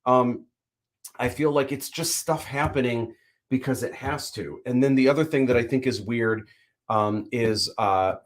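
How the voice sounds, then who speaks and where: A man hosting a livestream, chatting casually, rambling through animated opinions full of fillers and restarts. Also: mid-range voice, unhurried. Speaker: livestream host. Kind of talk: casual chat.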